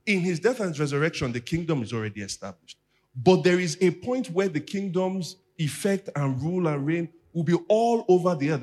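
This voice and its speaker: A pastor delivering a teaching sermon in church, calling on the congregation to repeat after him. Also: male voice, on the high side, a little mellow.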